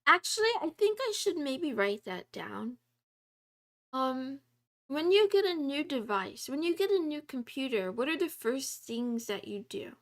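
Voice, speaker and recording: A high-voiced woman on a casual livestream, talking slowly and chatting with her viewers. She giggles a lot, puts herself down playfully and slips in little meows between her answers. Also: big pitch swings, a bit bright. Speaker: streamer. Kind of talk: casual livestream chat, reading chat aloud.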